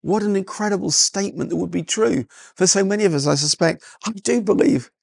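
A man's voice: sits high, fast talker, gravelly, dry recording, studio quality. A man preaching a sermon in an earnest way, often repeating words and restarting his sentences. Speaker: pastor.

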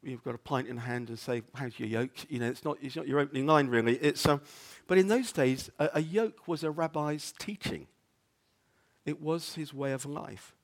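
A man preaching a sermon as a pastor, earnest, often repeating words and dropping soft on quotes. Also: mid-range voice, normal speed. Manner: earnest, stumbles and repeats words, drops to near-whisper on quotes.

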